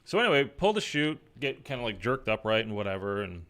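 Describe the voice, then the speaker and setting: A man telling a personal story in casual chat, rambling with many fillers and loudly acting out quoted lines. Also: lowish voice, quick pace, few pauses. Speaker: streamer. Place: in Los Angeles.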